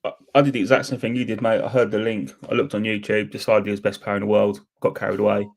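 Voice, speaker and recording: A man's voice: on the low side, flat delivery, fast, vocal fry. A man co-hosting a football fan podcast, speaking in a laid-back, self-mocking way. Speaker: podcast co-host. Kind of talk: casual fan podcast chat.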